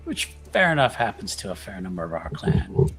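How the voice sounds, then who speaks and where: A man running a tabletop vampire game as game master, his voice sitting on the low side. He narrates in a relaxed, hesitant way with fillers. Quiet music plays behind him. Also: brisk.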